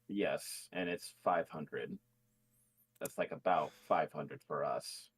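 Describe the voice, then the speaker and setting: Man, very deep voice, outraged, swearing, live reaction stream. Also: slow pace, slightly rough.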